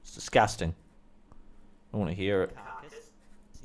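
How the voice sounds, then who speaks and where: A man talks alone on a stream, drifting from one topic to the next with plenty of fillers. His jokes are crude and his asides frequent. His voice sits at an ordinary middle pitch for a man. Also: lively intonation, fairly quick, slight background noise. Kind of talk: rambling solo monologue.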